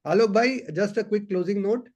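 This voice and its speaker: Higher-pitched Indian man moderating. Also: a little mellow. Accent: Indian English. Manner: affirming, earnest, quick to praise and add points. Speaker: webinar moderator. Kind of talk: webinar discussion.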